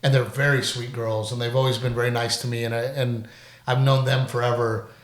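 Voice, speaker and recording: A middle-aged man hosting a podcast in casual chat, animated and quick to laugh, with the odd curse. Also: mid-range voice. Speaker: podcast host. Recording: roomy echo.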